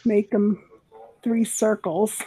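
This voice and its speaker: A woman's voice: medium pitch, fairly even intonation, takes it slowly, dark tone, a little hiss or hum. A woman co-hosting a casual craft livestream chat, easygoing and playful.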